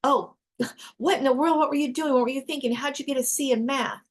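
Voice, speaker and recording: A woman's voice: high-pitched, fairly quick, pitched above the performer's own voice, natural voice. A woman doing a curt, scolding mother. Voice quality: curt, brushing off. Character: dismissive, scolding mother, middle-aged.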